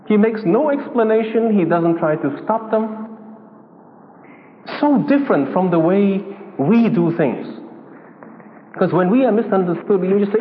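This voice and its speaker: High-voiced preacher in a tinny hall. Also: male voice, sing-song, slight background noise. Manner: deliberate, repeats phrases, voices mock quotes. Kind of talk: sermon. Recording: tinny phone-like sound in a reverberant hall.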